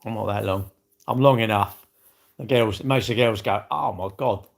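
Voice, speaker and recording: A man's voice: on the low side, fairly even intonation, normal speed, creaky. A man chatting on a casual livestream, rambling and joking about himself and greeting viewers. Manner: rambling, jokey and self-mocking, with asides to viewers. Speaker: livestream host. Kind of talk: casual live-stream chat.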